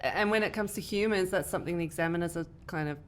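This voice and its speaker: Low-voiced woman explaining thoughtfully. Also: very fast. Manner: explanatory, thoughtful, with light laughs. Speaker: podcast co-host, English teacher. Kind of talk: casual discussion.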